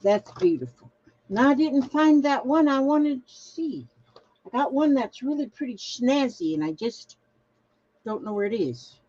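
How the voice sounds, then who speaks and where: A chatty woman hosts a casual craft livestream, rambling as she reads viewer comments aloud. Her voice rises and falls with lively swings, and she takes her time. The audio is dull and lo-fi. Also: high voice, measured pace. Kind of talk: casual live-stream chat.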